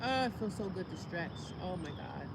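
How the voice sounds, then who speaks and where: A woman's voice: on the low side, lively intonation, normal speed, heavy background noise. A woman in her forties chatting casually on a live stream outdoors by her car, talking to viewers and answering their comments as she goes. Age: 40s. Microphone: phone on a tripod.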